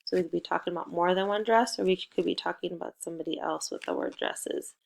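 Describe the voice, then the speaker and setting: Gravelly-voiced woman teaching phonics. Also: on the low side. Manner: spells letters out slowly and leads playful call-and-response. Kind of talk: recorded phonics lesson for young children.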